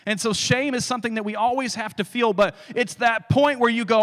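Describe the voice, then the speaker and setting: A male guest speaker preaching a sermon, telling the story with animated energy and dropping to hushed tones for scripture. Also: very high-pitched, brisk, hardly any pauses, long reverb tail.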